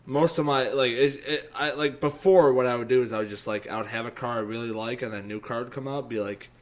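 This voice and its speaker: A man's voice: medium pitch, steady tone, a little fast. A young man co-hosting a podcast, rambling and swearing through stories with frequent laughter. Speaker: podcast co-host. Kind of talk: casual chat.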